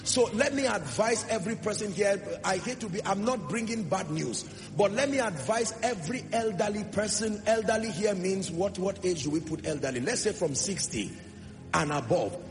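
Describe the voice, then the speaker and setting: A man preaching a sermon to a church congregation, emphatic, with rhetorical questions and swings between loud declarations and soft asides. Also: sits high, expressive, normal speed. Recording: long hall reverb with music underneath. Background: music.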